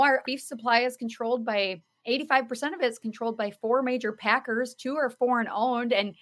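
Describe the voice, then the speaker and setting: A woman podcast host talking casually, telling stories in an earnest, animated way with many fillers. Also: mid-range voice. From South Dakota. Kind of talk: casual conversational talk.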